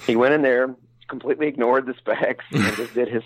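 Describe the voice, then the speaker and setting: A man's voice: medium pitch, a little fast, poor audio. A man talking frankly in a casual interview, rambling and self-deprecating with many restarts. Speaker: voice actor guest.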